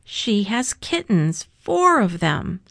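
A woman reading aloud voices a stubborn, earnest young boy who gets excited and quick to argue. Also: mid-range voice, creaky, no room sound, studio quality, heavily acted. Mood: delighted.

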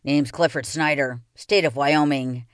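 A woman's voice: deep voice, steady tone, a little slow, dry recording, studio quality. A woman voicing a stern, curt male tax official from the city in a read-aloud children's novel. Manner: curt, demanding.

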